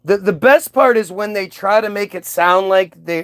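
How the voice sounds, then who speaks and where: A man's voice: high-pitched, normal speed, few pauses, fairly bright tone, clean tone, no room sound. A man ranting in casual commentary, sarcastic and profane, mocking people as he reacts to clips.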